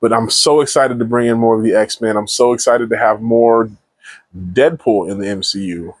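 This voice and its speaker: Man, casual movie review, excited, rambling, mid-pitched voice, dry close sound. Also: moderate pace, no room sound. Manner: enthusiastic, rambling with frequent restarts.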